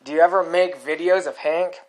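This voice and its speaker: A man's voice: a little high, fairly even intonation, moderate pace, close to an everyday voice, low-quality recording. A man reading the lines of a friendly young aspiring actress without changing his voice.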